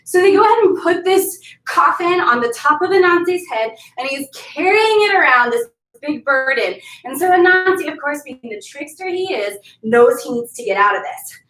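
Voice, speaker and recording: A woman's voice: sits high, lively intonation, normal speed, a bit bright. A woman fitness instructor leading a workout class and telling a story, upbeat as she counts out moves. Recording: roomy, from mic distance.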